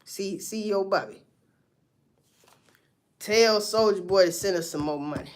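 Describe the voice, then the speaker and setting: A woman's voice: medium pitch, unhurried. A woman doing casual livestream commentary, blunt and profane as she talks through a story. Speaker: livestream host.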